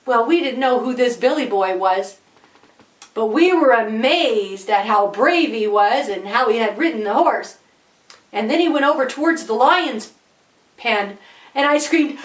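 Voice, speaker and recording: A woman telling a children's story in an animated, dramatic way. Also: on the high side, a little slow, echoey room. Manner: animated, dramatic, gasping with wonder. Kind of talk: storybook narration.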